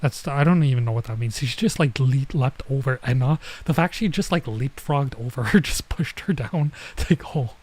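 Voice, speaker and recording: A man streaming as he reads a manga aloud, thinking out loud and hesitating while he works out translations. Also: medium pitch, moderate pace, hardly any pauses, rough recording.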